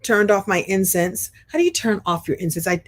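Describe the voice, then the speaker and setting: A middle-aged woman from Brooklyn tells a story to her online group. She is chatty and animated, with restarts and frequent throat clearing. Her sinuses sound congested. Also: mid-range voice, a little fast. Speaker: host of a coaching program.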